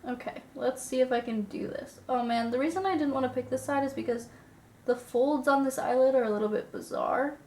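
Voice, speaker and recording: A woman's voice: sits high, a little fast, a little mellow, roomy sound. Sniffly young woman rambling through makeup. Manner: self-deprecating, swears casually, drifts into mutters. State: sniffly, getting over an illness. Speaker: beauty vlogger. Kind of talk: casual chat while doing makeup.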